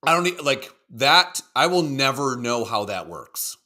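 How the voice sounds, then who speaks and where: A man talks loosely as a podcast co-host, his voice bright and edged, swinging widely up and down in pitch. He swears freely and rambles from thought to thought with excitable energy. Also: unhurried. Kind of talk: casual chat reacting to videos.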